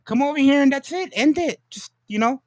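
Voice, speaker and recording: High-voiced emphatic man on a livestream. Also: lively intonation, a little fast, dry recording. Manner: emphatic, repeats himself, swears. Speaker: livestream host. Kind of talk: casual livestream chat.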